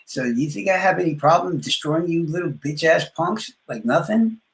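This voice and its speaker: A man's voice: fairly high pitch, expressive, normal speed, gravelly, roomy sound, poor audio. A man trash-talking rivals on a live stream, boastful and profane, his words often trailing off into mumbles. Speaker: livestreamer.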